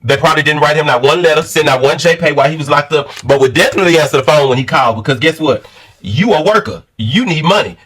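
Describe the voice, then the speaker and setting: Fast-talking animated male reality-show reviewer. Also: fairly high pitch, poor audio. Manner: animated, slangy, addresses viewers as sis and baby. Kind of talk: casual commentary.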